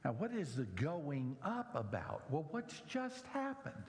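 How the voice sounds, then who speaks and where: A man's voice: a little high, huge pitch swings, measured pace, long reverb tail. A middle-aged man preaching a sermon in a church, animatedly mocking the scoffers in his story.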